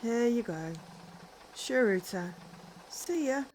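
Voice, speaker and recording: A woman's voice: fairly high pitch, lively intonation, takes it slowly, a little mellow, a little hiss or hum. A woman voicing a pushy, impatient bus driver in a game, brusque and bossy.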